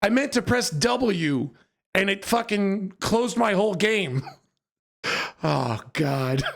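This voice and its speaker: Man, hoarse streamer, swings high and low, unhurried delivery, laughs a lot, music in the background. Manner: laughs often, loud bursts of excitement. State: voice going, hoarse. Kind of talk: casual live-stream chat.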